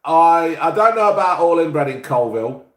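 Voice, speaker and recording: East midlands bloke reading out chat on a live stream, blunt and sweary, voice bounces up and down, echoey room. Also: male voice, fairly high pitch, expressive, normal speed. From England, East Midlands. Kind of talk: casual chat reading viewer comments.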